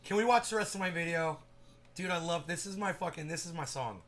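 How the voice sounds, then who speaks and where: A man hosting a casual livestream, talking in a profane, emphatic and animated way. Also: on the high side, fairly quick. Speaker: livestream host.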